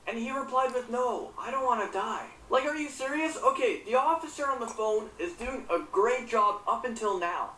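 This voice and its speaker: A woman's voice: fairly high pitch, lively intonation, moderate pace, hardly any pauses, a bit bright, distant mic. A woman recounting a news story and reacting with indignation and frequent swearing. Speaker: commentator. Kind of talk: reaction commentary. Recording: roomy echo, off-mic, faint hum.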